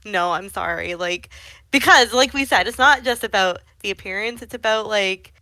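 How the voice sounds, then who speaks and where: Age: adult. Sex: woman. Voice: bright, loud, chatty. Style: casual chat. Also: fairly high pitch, no echo. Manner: chatty, loud, fast bursts peppered with "like". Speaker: streamer guest.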